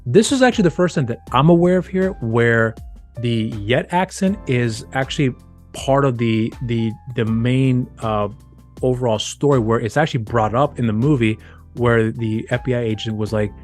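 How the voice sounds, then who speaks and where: A man's voice: mid-range voice, normal speed, darkish tone, soft background music. A man hosting his own channel, giving a casual, rambling film review with many restarts and fillers. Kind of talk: casual movie review monologue.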